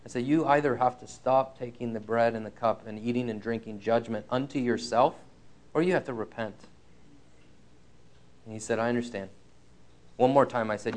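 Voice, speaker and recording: A man preaching a sermon, telling a personal story in an earnest, frank way, slowing down to stress key lines. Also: medium pitch.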